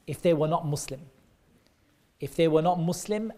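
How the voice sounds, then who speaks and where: A man's voice: a little high, normal speed, pauses often, mellow. A man teaching a class of children, asking them questions and praising and repeating their answers back. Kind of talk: interactive lesson for kids.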